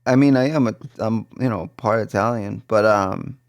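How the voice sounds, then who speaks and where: This man's voice is fairly low, clean in tone, at a moderate pace. With a Boston accent from the East Coast US, he co-hosts a casual podcast, telling rambling stories that he keeps restarting and correcting.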